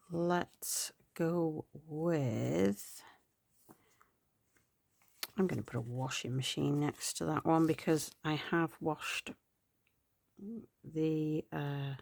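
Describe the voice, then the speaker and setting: Low, slow, gravelly-voiced woman vlogging. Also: no echo. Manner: rambling, self-correcting, soft laughs. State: tired, yawning. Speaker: planner vlogger. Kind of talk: chatty planner update.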